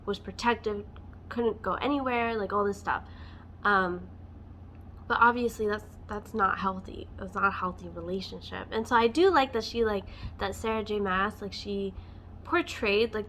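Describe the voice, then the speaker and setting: A woman's voice: medium pitch, a bit bright, a little hiss or hum. A woman vlogging a casual, passionate book rant, talking emotionally and filling her speech with "like.". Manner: passionate, emotional, many fillers like "like".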